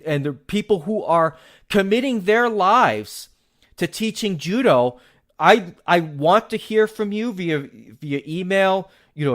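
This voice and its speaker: A man hosts a podcast on his own, chatting casually about his hobby. His voice sits a bit high, and he rambles and cuts himself off, then restarts with strong opinions. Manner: rambling, self-interrupting, animated opinions. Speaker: podcast host. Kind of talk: casual solo podcast talk.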